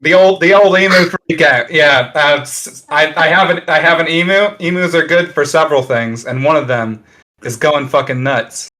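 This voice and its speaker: A man plays his character in a tabletop role-playing game. His voice is bright and a touch high, and he talks eagerly, often restarting his sentences as he lays out his plan. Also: fairly even intonation, moderate pace. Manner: eager player with repeated restarts, dropping into a soft hushing character voice. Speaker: player.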